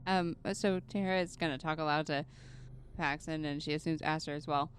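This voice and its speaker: Chatty female player, low-pitched, laughs easily. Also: steady tone, a little fast, a little hiss or hum. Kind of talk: casual tabletop game chat.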